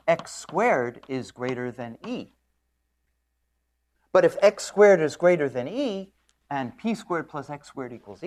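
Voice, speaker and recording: A man lecturing on physics, explaining at a board in a joking storytelling way and often clearing his throat. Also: on the high side. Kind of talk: classroom lecture.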